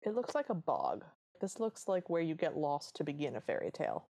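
A woman co-hosting a podcast, chatting about a film with wry, animated asides. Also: low voice, a little fast, vocal fry. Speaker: podcast co-host. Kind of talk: casual recap chat.

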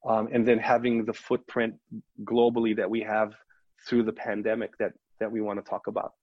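A man's voice: fairly low pitch, normal speed. A middle-aged man, a pastor, telling a story in a podcast interview and acting out the voices of the people in it. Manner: animated storyteller who acts out quoted dialogue. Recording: slightly muffled lo-fi recording.

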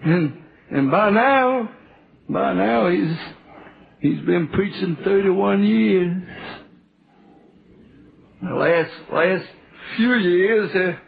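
A man preaching a testimony sermon with a Southern US accent, halting and repeating words, building to fervent shouts. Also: high-pitched, vocal fry. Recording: tinny phone-like lo-fi recording.

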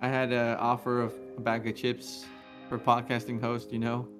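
A man's voice: medium pitch, completely flat delivery, moderate pace, faint music behind. Rambling, laughing male podcast co-host. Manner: rambling, laughs often, playful. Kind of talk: casual chat.

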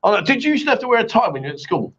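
A man's voice: very high-pitched, very animated, very fast, a bit bright, husky, muffled recording. A man hosting a live stream, reading chat and teasing his co-host in casual banter.

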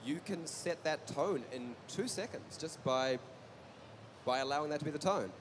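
A man, a game master on a live panel, explaining quickly with many fillers. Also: a little high, expressive, noisy background.

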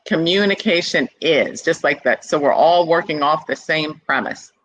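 A co-presenter of a webinar for business couples, explaining ideas deliberately through examples. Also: mid-range voice, lively intonation, a bit bright, rough recording. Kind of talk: teaching talk to business couples.

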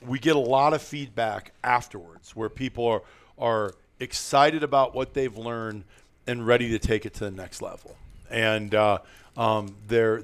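A man's voice: medium pitch, clean tone. A man hosting a podcast in casual chat, rambling and chuckling, often restarting his sentences. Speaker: podcast host.

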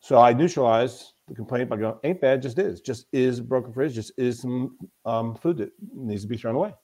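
This podcast guest, a mental toughness coach, talks in a mellow, mid-range voice at a moderate pace. His conversational storytelling is emphatic, and he tends to say things more than once.

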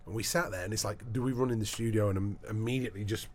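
A man being interviewed as a sports broadcaster, telling animated anecdotes in a casual chat, often restarting his sentences. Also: fairly low pitch, racing.

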